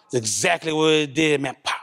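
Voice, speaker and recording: A church member stands before his congregation during a service, earnestly recounting a spiritual experience of his own in a chatty, emotional way. He talks a little fast in a somewhat high, slightly bright voice, repeating himself and tossing in "man" here and there.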